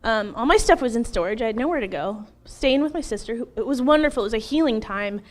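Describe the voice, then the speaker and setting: A woman's voice: fairly high pitch, fast talker. Earnest woman telling her testimony. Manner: earnest, animated, laughs between lines. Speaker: interview guest sharing her testimony. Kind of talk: emotional personal testimony.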